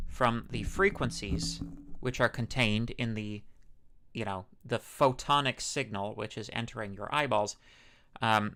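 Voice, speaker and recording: A man with a fairly low, slightly bright voice lectures a university class through a microphone. He keeps it loose and conversational, with fillers, self-corrections and the occasional joke, including one about his own smooth, radio-like tone.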